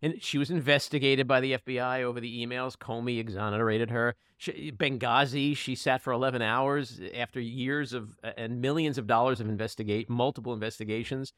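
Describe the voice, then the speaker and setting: A man hosting a casual political chat, animated, sarcastic and emphatic. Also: mid-range voice, a little fast, hardly any pauses, dry recording, clean studio sound. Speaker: podcast host.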